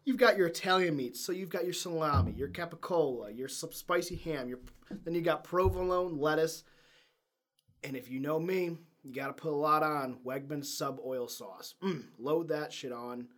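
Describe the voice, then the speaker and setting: A man's voice: on the high side, moderate pace, fairly bright tone. Chatty man with a raised voice. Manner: rambling, laughs at himself. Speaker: podcast co-host. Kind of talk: casual chat.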